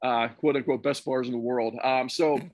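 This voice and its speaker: A man's voice: mid-range voice, steady tone, moderate pace, darkish tone, no echo, clean studio sound. A man casually telling a long, profane story on a podcast, rambling through restarts and fillers. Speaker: podcast guest or host.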